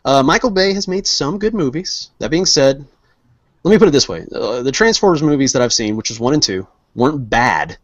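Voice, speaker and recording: A man's voice: mid-range voice, expressive, fairly quick. A man chatting on a casual podcast, teasing and joking at length with plenty of ums and uhs. His voice sits in a middle register and sounds dull and lo-fi. The sound is dry, with no room echo. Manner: joking, teasing, rambling with fillers. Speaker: podcast co-host. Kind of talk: casual banter among friends.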